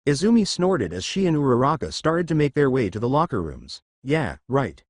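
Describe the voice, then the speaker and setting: A man narrating fan fiction at a steady pace. His pitch moves a lot, and the recording is dry with no room echo. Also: fairly quick. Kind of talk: read-aloud fan story narration.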